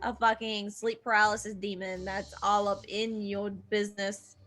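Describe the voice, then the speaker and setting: A woman's voice: mid-range voice, little pitch movement, moderate pace, fairly bright tone, soft background music. A young woman co-hosting a casual video-call chat, making blunt, teasing quips. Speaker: co-host.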